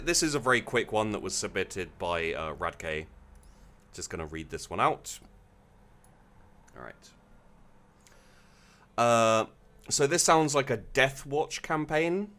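Lively, bright-voiced male streamer. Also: on the low side. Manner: animated, amused storytelling with frequent ums and restarts. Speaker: streamer reading viewer stories. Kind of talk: live-stream story reading and chat.

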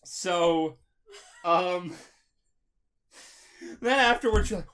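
A tipsy young man co-hosting a casual podcast, with a medium-pitched voice. He rambles and swears freely, and he keeps jumping into loud, animated playacting. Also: moderate pace. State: drunk. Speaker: podcast co-host.

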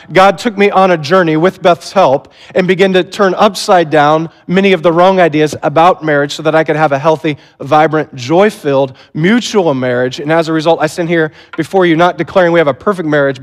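A man in his forties preaching from a stage, self-deprecating and asking the audience questions. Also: fairly high pitch. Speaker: pastor. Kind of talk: sermon. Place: large hall on stage. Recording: long hall reverb.

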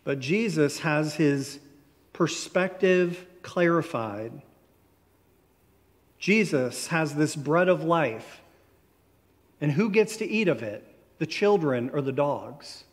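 A man preaching a sermon as pastor, in a conversational storytelling way that slows down for emphatic phrases. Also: a little high, lively intonation. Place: church sanctuary. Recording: long church reverb.

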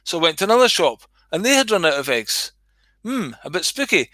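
A man's voice: sits high, big pitch swings, fairly quick, bright, forceful tone, no room sound. A middle-aged Scottish man reading his comedy skit aloud on a livestream, swearing freely and chatting to viewers.

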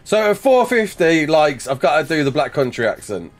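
Man, live game stream, joking, lively pitch, slightly high voice, headset mic. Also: normal speed. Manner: chatty, joking, laughs often. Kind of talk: live gameplay chat.

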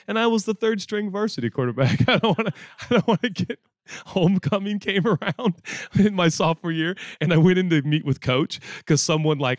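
Animated, joking male preacher. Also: a little high, no room sound, studio quality. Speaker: pastor. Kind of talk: sermon. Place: church auditorium with audience.

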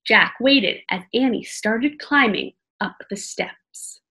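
A woman reading a children's chapter book aloud like a teacher, gently pausing to ask her listeners questions. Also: a little high, rough recording. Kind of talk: storybook read-aloud for children.

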